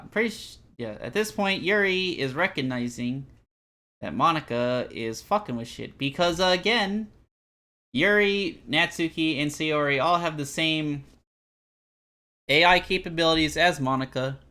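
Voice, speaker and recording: A young man streaming a game live, rambling through animated, self-deprecating commentary and reading the game's text aloud. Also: on the high side, measured pace.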